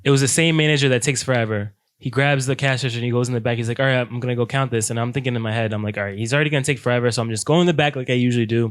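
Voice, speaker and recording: A young man on a podcast, telling a workplace story to his friends in a casual, animated way, with "dude" in nearly every line. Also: mid-range voice, racing, few pauses, clean tone. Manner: animated, says "dude" constantly, quotes himself and others. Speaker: podcast co-host.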